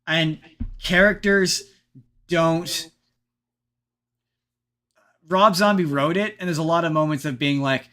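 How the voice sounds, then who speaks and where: A man chatting on a podcast in a bright, forceful voice that sits a little high. He rambles, restarts his sentences and swears casually as he talks. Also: fairly even intonation, slow pace, pauses often. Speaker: podcast host. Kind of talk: casual chat.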